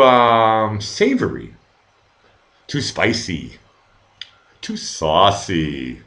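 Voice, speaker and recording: A man's voice: on the low side, fairly bright tone. A middle-aged man hosting a live stream, rambling casually, swearing freely and reading viewers' chat aloud with many fillers and restarts. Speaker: livestream host.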